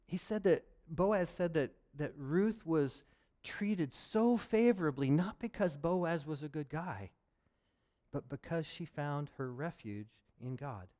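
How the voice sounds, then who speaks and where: A man preaching a sermon as a pastor, passionate and swinging between loud urgency and quiet intimacy. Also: fairly high pitch, lively intonation, takes it slowly.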